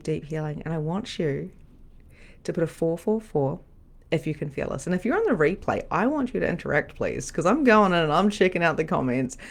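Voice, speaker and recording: A middle-aged woman, a medium and spiritual coach, teaching on a live stream in a chatty, animated, repetitive way. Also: low-pitched.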